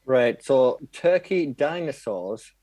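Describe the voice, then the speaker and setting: Male panelist, slow dry asides, off-mic. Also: medium pitch, animated, dark tone. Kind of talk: casual chat.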